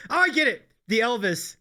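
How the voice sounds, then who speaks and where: Animated male livestream host. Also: very high-pitched. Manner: animated, laughs often, reads chat aloud. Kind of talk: casual livestream chat.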